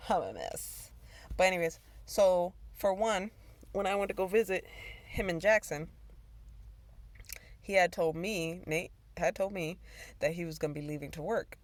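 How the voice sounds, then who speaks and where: A woman's voice: lowish voice, normal speed, no room sound. A woman hosting her own talk show, telling a personal story in a rambling, profane way with bursts of laughter. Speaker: podcast host. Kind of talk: casual storytelling.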